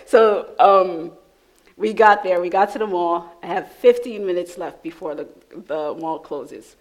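A woman from New York telling a lively personal testimony in church, laughing often as she speaks. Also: lowish voice, measured pace, low-quality recording. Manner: animated storytelling, laughing often. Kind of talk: sermon testimony.

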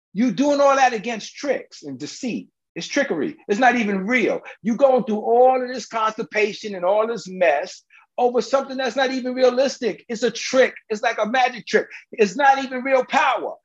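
A man's voice: very high voice, animated, moderate pace, dull audio. A male preacher delivering an emphatic, colloquial sermon, firing rhetorical questions at the congregation.

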